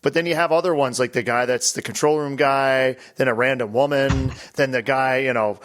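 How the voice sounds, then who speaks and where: Male podcast host, mid-range voice, casual and animated. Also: medium pitch, a little fast, hardly any pauses. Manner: animated, breaks into mock voices and laughs. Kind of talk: casual chat.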